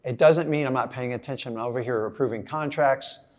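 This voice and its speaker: A man's voice: mid-range voice, brisk. Blunt, casual middle-aged man. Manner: blunt, casual and animated, acts out little scenes. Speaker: real estate investor speaking to an audience. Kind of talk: motivational talk to a live audience.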